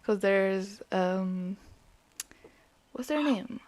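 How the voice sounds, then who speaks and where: A woman's voice: medium pitch, expressive, drawn-out words, darkish tone, dry recording. A woman co-hosting a podcast in casual chat, curious and thinking aloud with lots of questions. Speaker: podcast co-host. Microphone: remote call.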